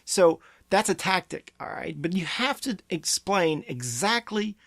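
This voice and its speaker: A man's voice: high-pitched, very animated, unhurried, vocal fry, a bit bright, no echo. A man giving parenting advice as a therapy clinic presenter, earnest and emphatic. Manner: earnest, emphatic, acts out parent and child quotes. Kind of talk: advice talk to camera.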